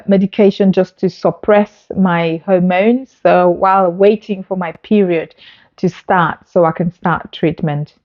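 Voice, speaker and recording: A woman speaks straight to camera in a mid-pitched voice, telling her own story earnestly and with feeling. The sound is a little dull, as from a phone recording. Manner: earnest, emotional retelling with acted-out dialogue. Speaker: vlogger.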